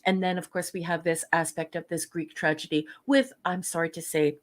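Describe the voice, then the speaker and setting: A woman's voice: on the low side, level tone, normal speed. A woman co-hosting a casual podcast, reviewing a TV episode in a gushing, rambling way with many fillers.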